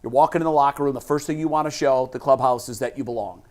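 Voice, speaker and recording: A man co-hosting a sports talk show, opinionated and animated, often restarting his sentences. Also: medium pitch, quick pace. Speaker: sports radio co-host.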